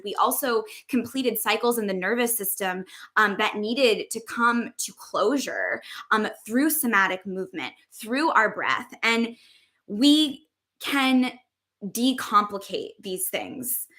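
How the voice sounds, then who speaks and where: Woman host, young adult, bright voice, casual spiritual teaching, relaxed with lots of "um" and "like". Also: fairly high pitch. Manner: unhurried, loose, with frequent fillers. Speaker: podcast host and embodiment teacher.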